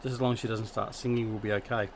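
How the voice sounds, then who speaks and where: A man's voice: on the low side, level tone, racing, slight background noise. An Australian man chatting casually with viewers while hosting a gaming livestream, greeting people by name and joking about himself. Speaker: livestream host.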